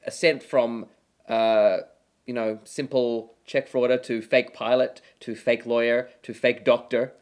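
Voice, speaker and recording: A man's voice: mid-range voice, level tone, measured pace, a little mellow. Man, Australian accent with an American tinge, wry, self-deprecating, casual podcast guest. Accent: Australian, partly Americanized. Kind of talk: casual chat.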